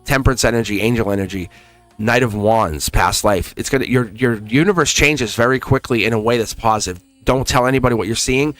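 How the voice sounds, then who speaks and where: A man's voice: mid-range voice, fairly quick, dry recording, soft background music. Chatty man giving a tarot reading. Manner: animated, chatty, encouraging, casual swearing. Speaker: tarot reader. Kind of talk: live-stream tarot reading.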